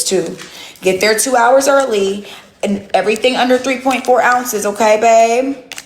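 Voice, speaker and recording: A woman's voice: fairly low pitch, echoey room, slight background noise. A woman chatting casually on a livestream from home, brash and profane, teasing and trash-talking. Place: at home indoors. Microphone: phone livestream.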